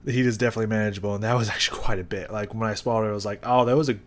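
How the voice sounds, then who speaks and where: A man vlogging a hot sauce tasting to his viewers, talking casually and haltingly as he describes the burn. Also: fairly low pitch, steady tone, slight background noise. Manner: talks through the burn, halting and drawn out. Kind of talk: casual chat to camera. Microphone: new studio mic.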